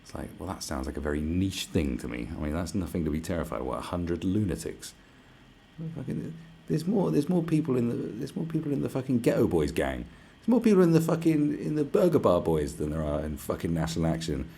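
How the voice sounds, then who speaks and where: A man's voice: sits low, sing-song, fairly quick, gravelly, mellow, slight background noise. A man hosting a live stream, ranting casually with lots of swearing and sarcastic asides. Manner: profane, sarcastic, mocks others in put-on voices.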